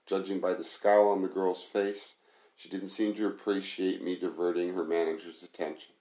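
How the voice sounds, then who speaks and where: A man calmly reading a first-person story aloud as narrator, in an echoey room. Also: low voice, moderate pace. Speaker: audiobook narrator.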